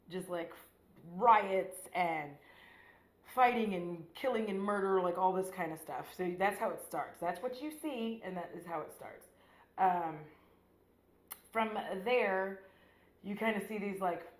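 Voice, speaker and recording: Chatty woman vlogger in an echoey room. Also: on the low side. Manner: chatty, profane, jokey, acts out scenes. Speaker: beauty vlogger. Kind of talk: casual chat recapping a movie. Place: room at home.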